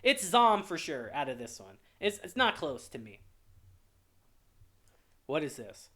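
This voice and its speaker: High, animated young man ranting. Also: normal speed. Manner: heated, profane, exasperated ranting. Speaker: anime reviewer, channel host. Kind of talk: casual reaction rant.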